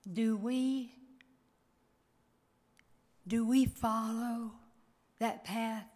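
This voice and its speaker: Slow, emphatic woman preaching in a hall. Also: a little high, fairly even intonation. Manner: emotive, slow and emphatic with sudden loud peaks. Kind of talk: sermon. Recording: long reverb of a large hall.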